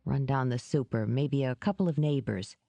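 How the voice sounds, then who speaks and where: A woman reading an audiobook, voicing a gruff, wary man who talks in curt, dry lines. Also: medium pitch, moderate pace, warm tone, no room sound, highs cut off, close to an everyday voice.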